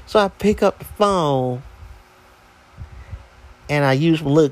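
A man's voice: fairly high pitch, animated, measured pace. A man hosting a podcast, telling a story in a casual, slangy, exasperated way. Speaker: podcast host.

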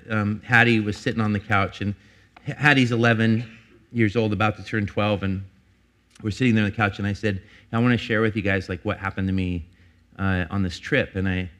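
A man's voice: fairly low pitch, fairly bright tone. Man preaching a candid sermon. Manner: candid, conversational storytelling with restarts. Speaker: pastor. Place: church.

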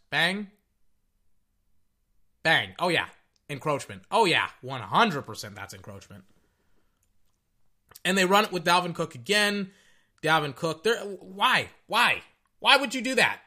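A young man giving casual, rambling reaction commentary on a football game, excitable and tripping over his words. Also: on the high side, unhurried, pauses often. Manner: excitable, rambling, stutters and repeats himself.

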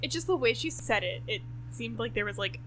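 A woman's voice: on the high side, expressive, a little fast, a bit bright, slight background noise. A woman guest on a podcast, chatting playfully and emphatically, laughing often. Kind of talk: casual chat.

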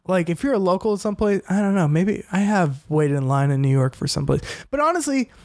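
A man's voice: high-pitched, expressive, fast talker, darkish tone, no echo. A man hosting a solo podcast, talking in a rambling, profane and self-mocking way. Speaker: comedian and podcast host. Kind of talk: casual solo podcast monologue.

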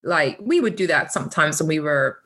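A woman in her thirties chatting reflectively about parenting, often pausing and restarting her sentences. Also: low-pitched, animated, fairly bright tone. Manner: hesitant, many restarts and fillers. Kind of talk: casual chat.

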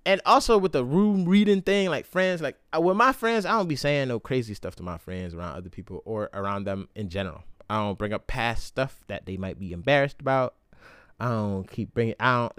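A young adult man hosting a casual solo podcast, talking in slang and jumping into loud, high voices when he acts out other people. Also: expressive, fairly quick, smooth, dry recording, studio quality. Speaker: podcast host. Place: indoor room.

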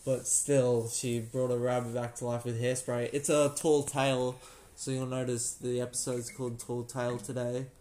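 A man's voice: medium pitch, little pitch movement, moderate pace, mellow. An Australian man hosting his own show, telling a story in a casual, rambling, jokey way with many restarts. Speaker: podcast host.

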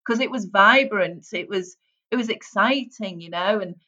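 A woman's voice: mid-range voice, moderate pace, pushed and bright. A woman in her forties with a light Merseyside accent, an effusive hypnotherapist chatting as an interview guest. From Merseyside, England. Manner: effusive, gushing, laughs often. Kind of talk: casual interview chat. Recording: dull lo-fi audio.

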